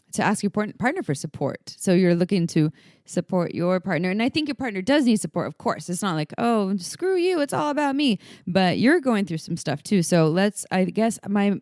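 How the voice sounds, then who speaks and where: A woman with a lowish, smooth, clear voice hosts a podcast and talks frankly about sex and relationships. She laughs easily and keeps an open, conversational tone. The sound is dry and close. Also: a little mellow, no echo. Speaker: podcast co-host. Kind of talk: casual chat and advice.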